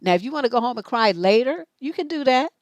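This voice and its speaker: A middle-aged woman talks fast in a high voice with lively intonation, hosting relationship advice live. She plays both roles in the conversations, scolding bluntly and swearing freely, with no echo.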